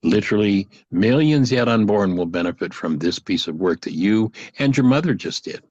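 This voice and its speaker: A man hosting a coaching conversation on a video call, offering gentle, measured suggestions. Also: on the low side, expressive, no echo, lo-fi sound. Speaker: host and teacher.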